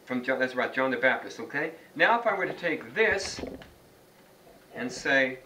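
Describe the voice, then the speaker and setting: A man's voice: mid-range voice, animated, normal speed. A man teaching a class how to read chant notes, quizzing students by name and singing short examples. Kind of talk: classroom lesson. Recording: distant mic, faint background noise.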